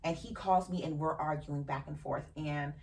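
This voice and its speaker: A woman's voice: sits low, steady tone, moderate pace, creaky, a little mellow, a little hiss or hum. A woman hosting a podcast, telling a personal story frankly and emotionally, with casual swearing. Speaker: podcast host. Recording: distant from the mic.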